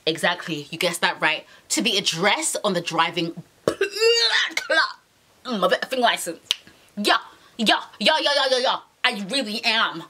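A young woman telling a storytime to camera in an animated, exasperated way, repeating her phrases and using slang. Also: mid-range voice, unhurried, husky. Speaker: vlogger. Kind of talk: storytime monologue.

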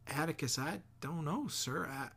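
A man plays a curious young girl who asks quick, startled questions in a raised voice. A gravelly, husky grain stays underneath. It is a storybook reading. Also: mid-range voice, a bit bright, pitched above the performer's own voice.

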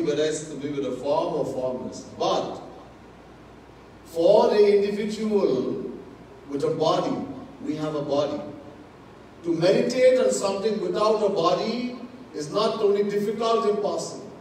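A man with a Trinidadian accent gives a sermon as a swami. He teaches slowly and with emphasis, repeats key words and drops in Hindi and Sanskrit terms. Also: sits high, lively intonation, darkish tone, a little hiss or hum. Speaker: swami giving a Gita discourse. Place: large temple hall. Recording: distant mic in an echoey hall.

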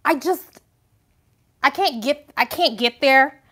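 Bright, high-pitched passionate woman. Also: slow. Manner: passionate, emphatic, conversational with rhetorical questions. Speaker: host. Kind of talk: live video commentary.

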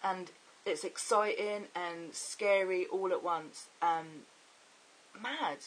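A young man chatting excitably and rambling in a casual video diary. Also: high voice, takes it slowly, a little hiss or hum, poor audio. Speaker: vlogger.

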